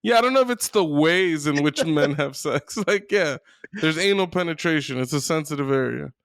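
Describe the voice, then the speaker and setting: A man co-hosting a podcast, with a voice pitched a little above the usual male range. He talks in an animated way, full of fillers and easy laughter. The recording is dry and close. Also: moderate pace, no echo. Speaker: podcast co-host. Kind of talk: casual chat.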